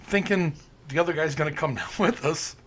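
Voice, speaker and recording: A man with a slightly higher voice recounts a ghost hunt in casual, animated storytelling. He acts out the quotes and laughs as he goes. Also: a little fast, a little hiss or hum. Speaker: paranormal investigator.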